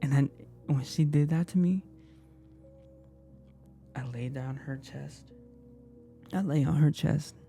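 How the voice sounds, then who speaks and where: A young man retelling a personal story in an emotional, halting way, repeating himself often. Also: fairly high pitch, gravelly, dark tone, faint music behind. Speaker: casting participant.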